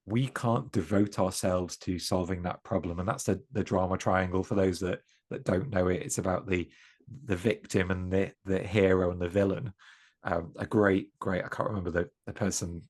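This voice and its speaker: A slightly rough, darkish, low-pitched voice holds a steady tone at normal speed as this East Midlands man guests on a podcast. He talks casually but earnestly and reflectively, frequently breaking off to restart or correct his sentences.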